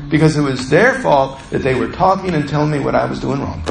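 Male lay preacher, slightly high voice, animated storyteller; roomy hall, faint ambience. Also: fairly quick, creaky, few pauses, a little hiss or hum. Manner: animated storytelling, swings from hushed to loud when reliving anger. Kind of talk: sermon.

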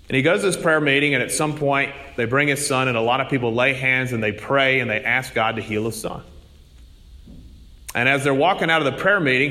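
A priest with a sharp, mid-range voice preaches in church, telling stories conversationally and building to rising emphasis. The recording carries a long hall reverb.

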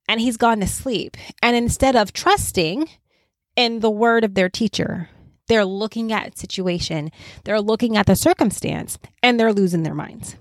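A woman teaching a relaxed Bible study, talking conversationally with frequent "right?" asides and lively quoting. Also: a little high, moderate pace, no echo. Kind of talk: casual Bible study talk.

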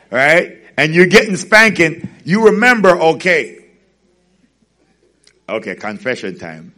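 A pastor delivers a sermon in a fairly high male voice that swings widely in pitch. He tells stories with animation and laughs often as he preaches. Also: sing-song, unhurried, long pauses, pushed and bright.

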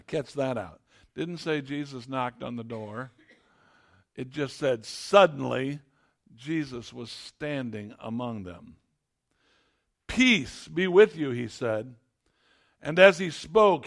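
A man's voice: a little high, a bit bright. A middle-aged man preaching a sermon, reading scripture and telling stories in a conversational way with frequent restarts. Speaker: pastor.

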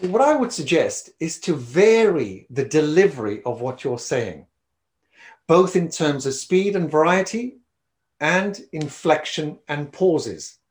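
A man teaching public speaking skills, talking with lively swings of loudness and pitch as he explains and demonstrates. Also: slow. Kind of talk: presentation skills lesson.

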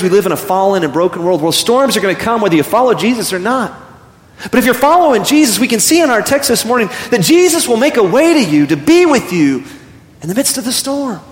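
A man preaching a sermon as pastor, earnest and animated, often restarting his phrases. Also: high voice, brisk, roomy sound, in a large hall.

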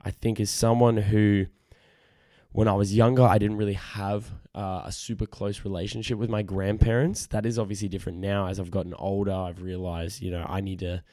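A young man hosting a casual solo podcast, husky from a cold, earnest and rambling, often repeating words. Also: lowish voice, flat delivery, fairly quick, mellow, no echo, studio quality. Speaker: podcast host. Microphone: studio podcast microphone.

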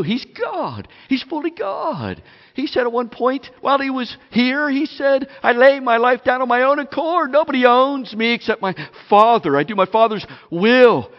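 A man preaching a sermon in a church, swinging between hushed and loud delivery and calling the congregation "gang". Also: very high voice. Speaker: pastor. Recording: dull sound with long hall reverb.

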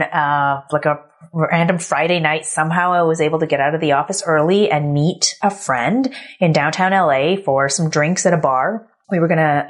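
A woman in her thirties hosting a podcast, telling a candid personal story with a reflective tone and soft laughs. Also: lowish voice. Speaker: podcast host.

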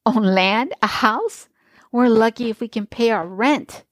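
A woman's voice: fairly high pitch, measured pace, fairly bright tone, dry recording, pitched above the performer's own voice. A woman reading aloud as a poor young mother who speaks with doubt and bitterness. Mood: doubtful.

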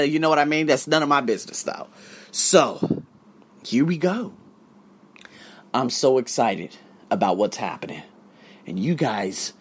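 A husky-voiced man runs his own podcast as a solo motivational talk. His pitch swings all over as he preaches, swearing freely and egging on his listeners. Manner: animated, profane, preachy. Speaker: podcast host. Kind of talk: motivational monologue. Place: abroad, living in Thailand.

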